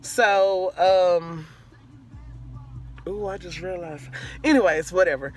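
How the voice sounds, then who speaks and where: A woman's voice: fairly low pitch, slow, faint music behind. A young woman vlogger telling a rambling, profane storytime rant, drifting off track and back. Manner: rambling, profane, easily sidetracked.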